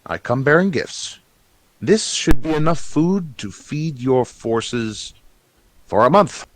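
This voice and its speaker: Man puts on a high-pitched, jittery goblin noble for a tabletop game, over-polite and skittish. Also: expressive, slow, no room sound. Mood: flustered. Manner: high, flustered, overly polite. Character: nervous, fussy male goblin noble.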